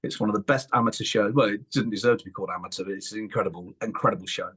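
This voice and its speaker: An English man in middle age, a puppeteer and panto performer, chatting in an interview and telling lively anecdotes, acting out voices as he goes. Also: lowish voice, racing, breathy edge. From England. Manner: animated, acts out voices in his anecdotes. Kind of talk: casual interview storytelling.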